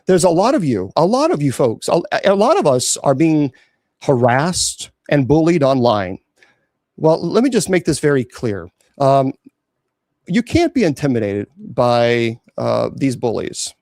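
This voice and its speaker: Animated, defiant male clergyman host. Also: medium pitch, moderate pace, dry recording, studio quality. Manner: defiant, animated, addresses online trolls. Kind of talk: casual livestream talk.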